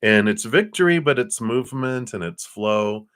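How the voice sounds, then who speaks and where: A man giving a live-stream tarot reading. He talks in a relaxed way, laughs often and thanks viewers by name. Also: mid-range voice, normal speed. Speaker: tarot card reader.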